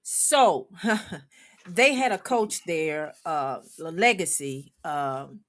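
An older woman, a former coach, telling a lively story on a talk show, laughing often and acting out the people she quotes. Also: sits low, very slow. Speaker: guest, former women's basketball coach.

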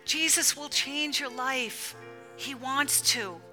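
A woman's voice: high-pitched, takes it slowly, sharp tone, faint music behind. A woman preaching a fervent, emphatic sermon to a women's church gathering, with a repetitive preaching cadence.

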